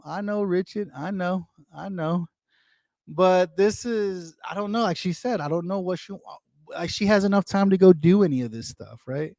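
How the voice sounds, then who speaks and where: A man talks casually into his microphone on a livestream, rambling and repeating phrases as he greets viewers by name. His voice sits a little high for a man. The sound is dry and close, with almost no room around it. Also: darkish tone, no echo. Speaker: livestream host. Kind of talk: casual livestream chat reading viewer comments. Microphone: desktop microphone.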